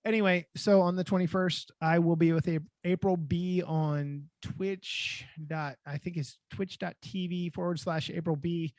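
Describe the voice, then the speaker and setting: Male podcast host, playful and chatty, slightly raised pitch, dry mic. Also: fairly even intonation, unhurried, hardly any pauses, no echo. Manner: jokey, breaks into mock shouting and laughter. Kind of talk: casual chat.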